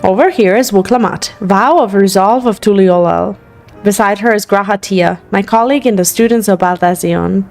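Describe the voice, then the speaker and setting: A woman's voice: mid-range voice, moderate pace, darkish tone, soft background music, close to an everyday voice. A woman reading as a polite young scholar. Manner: plain reading of game dialogue.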